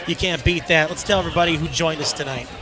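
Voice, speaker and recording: A man calling a local high school football game, excitable and shouting at big plays. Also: quick pace. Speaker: play-by-play announcer. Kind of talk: local sports commentary. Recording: crowd noise behind.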